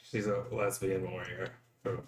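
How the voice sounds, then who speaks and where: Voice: low voice, level tone, unhurried, background noise. A player at a tabletop game, rambling and thinking aloud with many fillers. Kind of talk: casual tabletop game chat.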